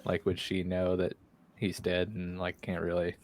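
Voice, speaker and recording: A man's voice: low voice, completely flat delivery, moderate pace, a little mellow. A man playing a tabletop game, talking casually with lots of fillers and searching for words. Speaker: player. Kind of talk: casual chat.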